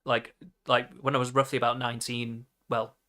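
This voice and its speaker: A man's voice: medium pitch, level tone, brisk, sharp tone. A male podcast host in a casual interview chat, supportive and agreeing often with short backchannels.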